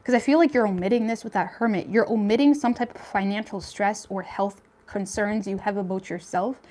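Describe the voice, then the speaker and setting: A woman's voice: medium pitch, a little mellow. A young woman giving a casual tarot reading, talking in a chatty, blunt way with lots of fillers and some swearing. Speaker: tarot reader.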